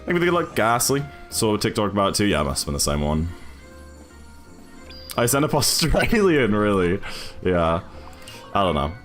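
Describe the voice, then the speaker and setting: A man's voice: on the low side, sing-song, moderate pace, long pauses, a bit bright, soft background music. A British man chatting casually with his live-stream chat while speedrunning a game. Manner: chatty, apologetic, reads chat aloud.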